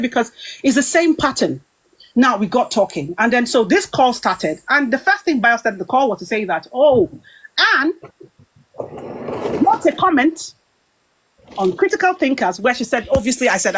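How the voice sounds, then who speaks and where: British woman, fairly high voice, animated aggrieved storytelling, casual talk. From Britain. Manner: animated, aggrieved retelling with quoted exchanges.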